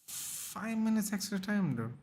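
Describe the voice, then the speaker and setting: A man's voice: high-pitched, a little slow. A young man hosting a live football watchalong, reacting casually to the match and chatting with viewers. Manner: animated, chatty, reacts to the game and reads chat.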